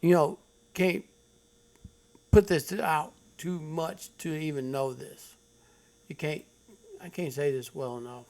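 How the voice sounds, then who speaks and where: A man's voice: on the high side, fairly even intonation, slow pace, long pauses, a little mellow. A man hosting his own channel, giving blunt, preachy commentary on stories he reads out, lecturing with heavy emphasis. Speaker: channel host. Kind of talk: commentary on read-aloud online stories.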